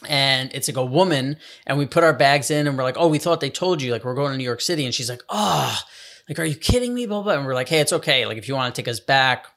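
A man's voice: medium pitch, fast talker, hardly any pauses, fairly bright tone. A young man telling a rambling, swear-filled story in casual chat. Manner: rambling anecdote, swearing, laughs often.

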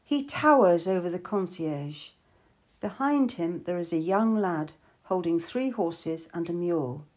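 Slow, breathy woman narrator. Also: lowish voice, animated, darkish tone. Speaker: audiobook narrator. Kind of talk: first-person scripted narration.

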